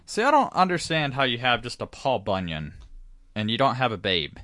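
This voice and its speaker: A man's voice: medium pitch, very animated, normal speed, a bit bright, no echo, studio quality. A man in casual chat about a horror movie, laid-back and joking, swearing casually.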